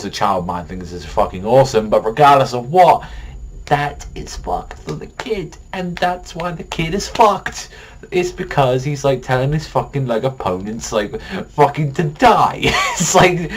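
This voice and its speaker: A man's voice: medium pitch, expressive, normal speed, slight background noise. Profane, rambling young man reviewing manga. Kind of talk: casual video review.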